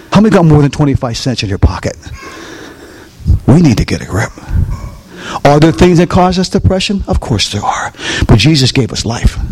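A man's voice: medium pitch, a little mellow. A man preaching a sermon as pastor, telling stories and putting questions to his congregation in church. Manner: storytelling, asks the congregation questions.

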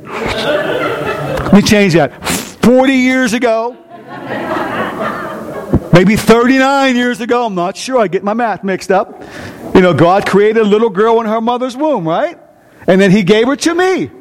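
An older man preaching a sermon, asking his congregation call-and-response questions and joking with them. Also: sits high. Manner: joking, animated delivery. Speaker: pastor.

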